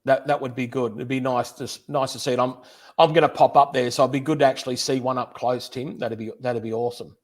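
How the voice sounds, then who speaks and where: A man's voice: mid-range voice, steady tone, fast talker. A man, hosting a casual livestream interview in a chatty, friendly way. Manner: chatty, friendly, repeats words. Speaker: host, interviewer.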